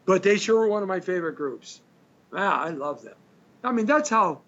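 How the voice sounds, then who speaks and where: A man's voice: sits high, lively intonation, normal speed, bright, forceful tone. Chatty rambling male radio host. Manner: rambling, chatty, jokey asides. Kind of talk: casual radio monologue. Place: radio studio. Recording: slightly dull lo-fi stream with faint hiss.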